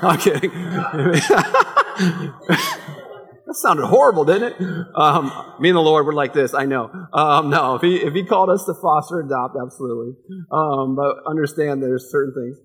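A pastor in his forties delivers a relaxed, conversational sermon, laughing frequently and acting out the people in his story. His voice is on the high side, fairly bright and a little rough, at a normal speed.

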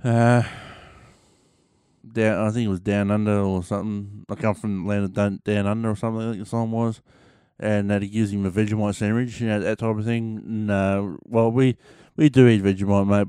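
A man's voice: lowish voice, mellow, clear, resonant tone, no room sound, clean studio sound. A man with an Australian accent chatting casually to his audience, rambling and slangy with plenty of fillers. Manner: rambling, laid-back, slangy with many fillers. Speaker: vlogger. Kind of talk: casual chat to camera.

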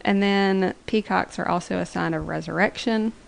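A woman's voice: lowish voice, normal speed, vocal fry, slight background noise, poor audio. A woman co-hosting a fan podcast in a laid-back way, sharing research from her notes and recapping scenes. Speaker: podcast co-host. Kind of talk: casual fan podcast chat.

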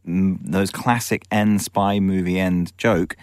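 A man, a film director, telling frank, animated anecdotes in an interview and acting out other people's voices. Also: deep voice, takes it slowly, dry recording, clean studio sound. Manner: lively storyteller who acts out the voices of others; frank, with swearing and self-corrections.

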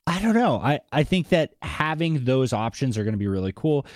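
A man's voice: mid-range voice, big pitch swings, fairly quick, no room sound, clean studio sound. A man with a Boston accent, speaking as an interview guest in a chatty way, often tagging his thoughts with "like" and "right?". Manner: chatty, with frequent "like" and "right?" tags. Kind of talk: conversational interview.

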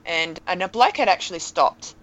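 A woman in her thirties, a podcast guest telling an emotional story in a lively, animated way. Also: lowish voice, normal speed, muffled recording. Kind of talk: casual storytelling.

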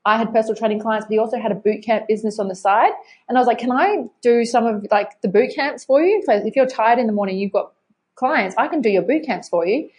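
Casting: quick, warm-toned woman, chatty guest storytelling with lots of "like". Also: fairly high pitch. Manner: fast, chatty, many likes, acts out quotes. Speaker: podcast guest, fitness trainer. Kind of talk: casual interview chat.

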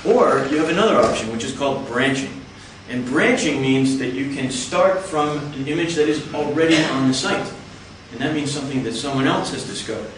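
Heavy echo rolls through the large hall as a man delivers a measured lecture, explaining his subject one step at a time. His voice sits in the mid range, picked up from a little way off with light background noise.

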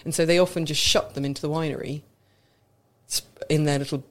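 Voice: medium pitch, steady tone, brisk. A co-host who explains wine knowledgeably in casual radio chat. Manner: knowledgeable, explanatory, warmly enthusiastic.

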